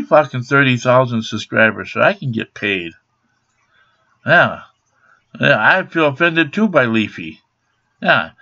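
A man in his fifties rants to his camera at home, swearing constantly and sounding blunt and aggrieved. His voice is gravelly and bright, with a tense edge. The sound is dull, lo-fi webcam audio. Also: medium pitch, very animated, slow, pauses often. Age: 50s. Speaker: vlogger. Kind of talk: angry rant to camera.

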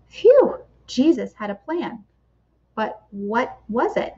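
A woman reading a picture book aloud to children for a church kids' club, with expressive, measured storytelling and dramatic pauses. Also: fairly high pitch. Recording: slightly dull lo-fi recording.

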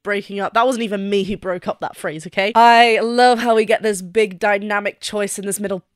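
A woman's voice: mid-range voice, steady tone, brisk, no room sound, clean studio sound. A woman vocal coach reacting to a singing performance and analysing the technique, eagerly breaking into short sung examples as she explains. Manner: enthusiastic, demonstrates notes by singing snippets.

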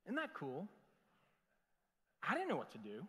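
A middle-aged pastor preaches a sermon, his voice sitting high and bright with a sharp, forceful edge. He tells animated, jokey stories and slips into quick voices for the people he quotes. The sound rings out with the long reverb of a church sanctuary.

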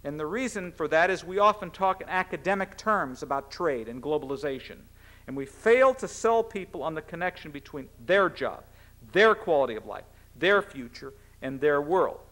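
A middle-aged American man, a cabinet secretary, giving a formal public speech in an earnest, measured way with a few restarts. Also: fairly high pitch, animated, fairly bright tone. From United States.

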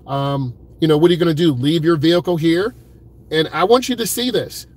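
Laid-back high-voiced man driving. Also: fairly quick. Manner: laid-back, talks straight to viewers, repeats "keeping it real". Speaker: driving vlogger. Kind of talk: casual live-stream chat from the car. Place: in a car at an airport pickup lane.

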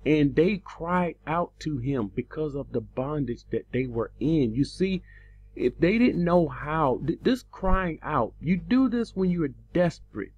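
Slow-talking preacher guy, leans hard on key words, kinda muffled lo-fi sound. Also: lively intonation, darkish tone, husky. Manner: slow and emphatic, rising in pitch on key words. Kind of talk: teaching sermon.

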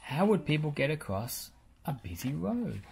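A woman's voice: low voice, sing-song, moderate pace, vocal fry, darkish tone, a little hiss or hum, heavily acted. A woman reading aloud, voicing an eager, helpful male talking digger machine in an upbeat storybook voice.

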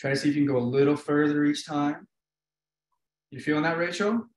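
A man's voice: on the high side, a little fast. A man hosting a live webinar, coaching hip exercises in an encouraging, easygoing way. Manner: encouraging, easygoing, repeats cues.

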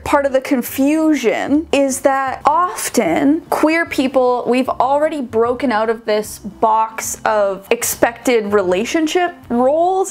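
A woman with a high voice talks her way through a reaction video in a chatty, self-mocking way. She laughs often and second-guesses herself out loud. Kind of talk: casual reaction commentary.

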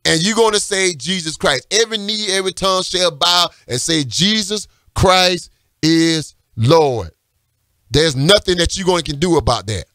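A preacher delivers a fervent radio sermon, his bright, forceful voice leaping through a lively range of pitch. He hammers the same phrases over and over, rising to emphatic calls. The studio sound is dry and close. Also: no echo. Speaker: radio pastor and host. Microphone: studio microphone.

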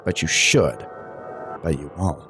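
A man reading aloud the slow, somber lines of a cold, cruel mysterious date in a game. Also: sits low, natural voice. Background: music.

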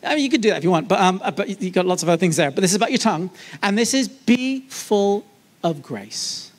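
A man preaching to a church congregation in a lively, conversational way, joking and asking the audience questions. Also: high-pitched, rapid-fire. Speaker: guest preacher. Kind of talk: sermon. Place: church service.

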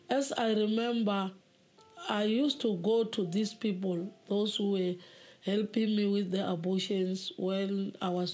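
A woman telling her personal testimony in a halting way, often repeating words as she goes. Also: mid-range voice, a little mellow. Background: faint music.

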